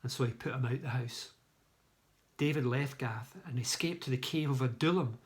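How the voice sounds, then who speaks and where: A man's voice: mid-range voice, normal speed. A man from a church reading a Bible story aloud, adding plain storytelling asides as he goes. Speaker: church leader.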